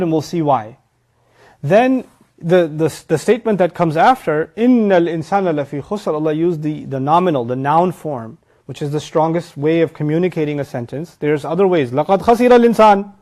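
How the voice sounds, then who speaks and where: A man giving a lecture-style sermon. He recites Arabic phrases and explains them in English, swinging from loud emphasis to quiet asides. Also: a little high. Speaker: preacher teaching Quran.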